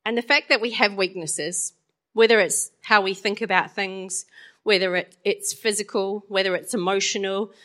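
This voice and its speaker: A woman, preaching a chatty sermon full of stories and quick laughs. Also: medium pitch, fairly even intonation, fairly bright tone. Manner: chatty, storytelling, laughs often.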